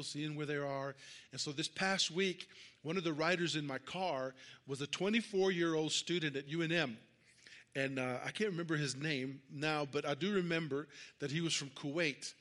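A man's voice: a little high, pushed and bright. A middle-aged man preaching a conversational sermon, full of fillers and restarts, mixing a personal story with calls for amens. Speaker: pastor.

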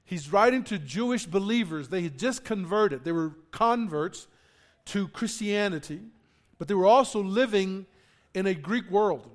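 A man preaching a sermon, swinging from loud emphatic declarations to low explanations, often repeating himself and putting questions to the congregation. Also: expressive, measured pace. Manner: repeats words and restarts, asks the congregation questions. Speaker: pastor.

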